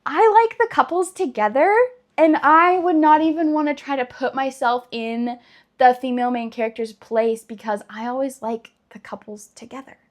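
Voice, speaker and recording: Chatty woman gushing over books. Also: fairly high pitch. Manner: chatty, gushing, many likes. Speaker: book vlogger. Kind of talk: casual chat.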